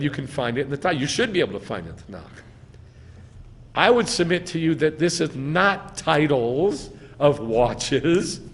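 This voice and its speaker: A man preaches as a rabbi, speaking slowly with a lively, swinging pitch. He asks the congregation questions, then answers them himself and hits key words hard. His voice rings out with long reverb in a hall. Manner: emphatic, stresses words. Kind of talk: sermon teaching. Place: synagogue sanctuary.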